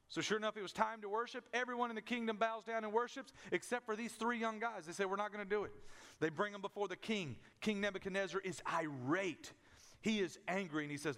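A man with a high voice preaching a sermon. He builds force through repeated phrases and questions to the congregation, swinging between loud declarations and low, quiet passages. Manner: preaching with rising and falling intensity, repetitive cadences. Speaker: pastor.

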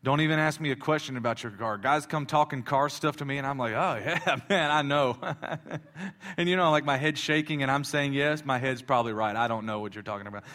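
A man's voice: mid-range voice, fast, fairly bright tone. Man preaching a joking, casual sermon. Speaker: pastor.

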